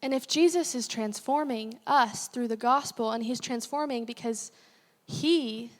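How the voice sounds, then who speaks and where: A young woman with a slightly high voice gives a sermon in a church, talking plainly and candidly and breaking off into asides. Her voice rings out in a long, hall-like reverb. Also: unhurried. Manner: candid, conversational preaching with asides and self-corrections. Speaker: guest speaker. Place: church sanctuary.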